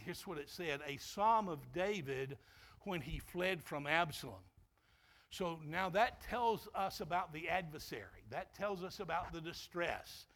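A man, a pastor, preaching a sermon and shifting into a quiet storytelling tone for a personal anecdote. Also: fairly high pitch, gravelly.

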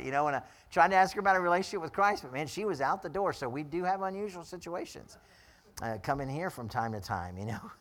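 A man's voice: fairly high pitch, expressive, fast, a bit bright. A man serving as pastor, preaching a sermon in a conversational way with dry humor and frequent chuckles.

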